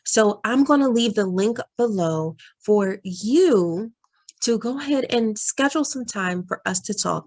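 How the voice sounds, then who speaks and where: A woman coach talking straight to her viewers in an encouraging, earnest vlog, giving advice to working moms and calling them "y'all". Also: medium pitch. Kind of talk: direct-to-camera advice vlog.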